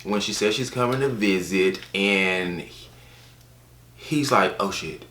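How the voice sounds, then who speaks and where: A man casually reviewing books on his channel, chatty and animated, with playful asides. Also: fairly low pitch, slow, echoey room, slight background noise. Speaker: book reviewer. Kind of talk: casual book review vlog.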